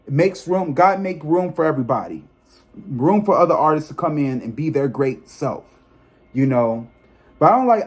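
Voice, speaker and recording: A man's voice: on the high side, breathy edge. A man in his thirties hosting his own video channel, chatting casually with viewers and breaking into emphatic, profanity-laced rants. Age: 30s. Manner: animated, emphatic ranting with frequent profanity; chatty, addresses viewers directly as y'all. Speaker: psychic tarot reader and channel host. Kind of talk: casual vlog talk to viewers.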